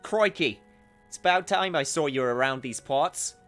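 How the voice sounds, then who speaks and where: A man reading a game's cocky young female prison warden in a mock Australian accent, loud and tough-sounding. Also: a little high, lively intonation, normal speed, soft background music, voice pushed up. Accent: Australian, put on.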